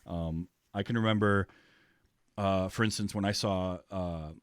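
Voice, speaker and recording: An American man hosts a casual movie podcast in a fairly low voice. The recording is dry and close. He rambles through his thoughts with plenty of ums and restarts. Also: fairly even intonation, a little slow, clean tone, no room sound. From United States. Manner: rambling, many ums, laughs easily. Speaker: podcast host. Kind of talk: casual chat.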